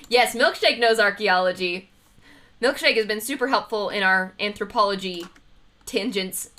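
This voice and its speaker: A woman's voice: mid-range voice, moderate pace, bright, forceful tone. A woman streamer chatting casually on a livestream, thinking aloud as she reads trivia questions, laughing often and greeting viewers.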